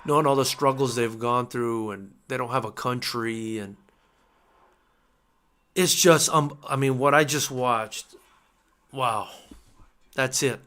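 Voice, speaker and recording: A man talks to his viewers on a live boxing companion stream. His voice is bright and forward, and his pitch sits in an ordinary middle range. He reacts with emotion and keeps repeating his words as he goes. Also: a little slow. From United States. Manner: excitable, repeats himself, emotional. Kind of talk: live fight companion commentary.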